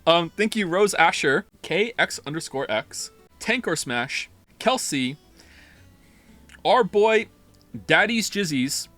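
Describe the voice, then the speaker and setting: A man's voice: high-pitched, lively intonation, slow pace, fairly bright tone, soft background music. A man streaming a game live, chatting casually, rambling and interrupting himself while reading chat aloud.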